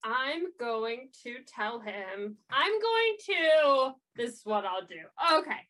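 A woman playing a tabletop game who talks slowly and haltingly, pausing on ums. Her voice is bright and slightly high. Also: big pitch swings, low-quality recording. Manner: hesitant, halting, many ums. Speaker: player.

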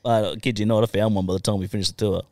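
A man's voice: on the low side, fairly even intonation, very fast, a little mellow. An Australian man, a podcast guest, telling his life story in a casual, profane way and laughing now and then. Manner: swears constantly, laughs through his story.

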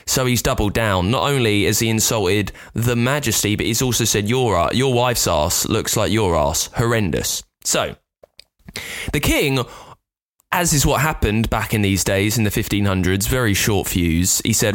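A man co-hosting a podcast, telling stories in a casual chat with an animated, jumpy delivery. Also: fairly low pitch, normal speed. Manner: animated, jumpy storytelling with lively swings. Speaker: podcast co-host.

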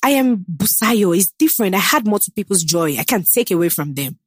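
A woman's voice: mid-range voice, big pitch swings, fairly quick, slightly rough, no echo, clean studio sound. A young woman with a Nigerian accent, chatting in an interview about herself, confident and emphatic, slipping into Pidgin. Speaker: guest. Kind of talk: casual interview chat.

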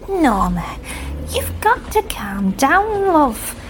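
A meek, apologetic tea-room woman, acted by a woman, speaks in a high, soothing voice. She tries to calm her friend down. A faint hiss sits behind her. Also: extremely slow, heavily acted.

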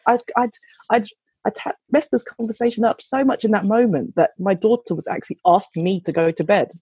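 A woman's voice: medium pitch, a little fast, warm tone, breathy edge, no room sound, muffled recording. A woman, a mother, telling a candid, chatty anecdote with some swearing and restarts. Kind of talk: casual anecdote.

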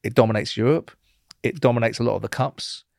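Brief: male host, gravelly voice, quick pace, blunt and confrontational. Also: medium pitch, a little mellow, dry recording, clean studio sound. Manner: blunt, challenging, swears. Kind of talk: interview and debate.

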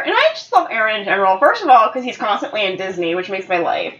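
A woman co-hosting a casual chat podcast, retelling a show in an expressive, playful way and swearing freely. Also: medium pitch, quick pace, distant mic, muffled recording, a little hiss or hum. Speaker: podcast co-host. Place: at home on a couch.

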